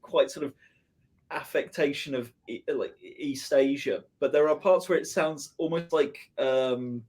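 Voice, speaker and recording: A man's voice: a little high, unhurried, a little mellow, slightly rough. A man in a casual book discussion, thoughtful and with dry humor. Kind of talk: casual video call discussion.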